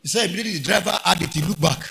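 A man with a Nigerian accent preaching a sermon, telling stories and shouting out his points. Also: sits high, very fast, vocal fry. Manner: preaching with shouted emphasis and storytelling, Pidgin phrases.

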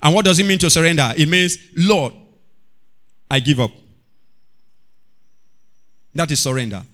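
A man preaching a sermon as a pastor, calling out to the congregation and rising into shouts. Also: on the high side, animated, a little slow, pauses often.

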